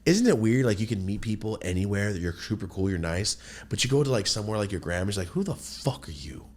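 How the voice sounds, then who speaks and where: A man casually telling a profane story, jumping into quoted voices. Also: fast talker. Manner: animated, profane, jumps into high-pitched quoted voices.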